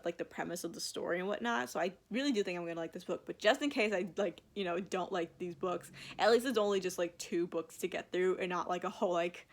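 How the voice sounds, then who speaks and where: With a lowish voice, a woman book vlogger talks casually to the camera. She gushes excitably, her speech packed with fillers, restarts and offhand swearing.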